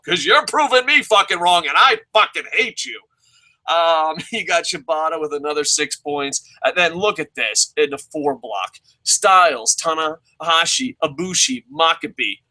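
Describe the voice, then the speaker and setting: A man reviewing wrestling shows in casual, profane commentary, excitable, with frequent swearing and stammering. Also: a little high, moderate pace, low-quality recording.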